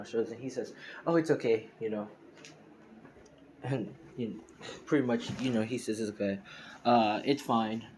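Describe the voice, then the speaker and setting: A man's voice: medium pitch, darkish tone, slight background noise. A man casually making up a fan story as he goes, rambling and correcting himself, with a lot of fillers. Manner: rambling, heavy use of "you know" and "you could say"; self-correcting, loose and informal.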